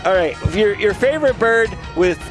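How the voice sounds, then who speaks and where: A man hosting a podcast in casual comedic chat, excitable, profane and rambling. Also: high-pitched, normal speed, soft background music. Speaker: podcast host.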